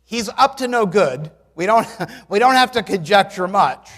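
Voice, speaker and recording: Man, sixties, sermon, lively storytelling, dry humor, bright tense tone, long church-hall reverb. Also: sits high, unhurried. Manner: animated storytelling, bursts into loud exclamations. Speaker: preacher. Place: church sanctuary.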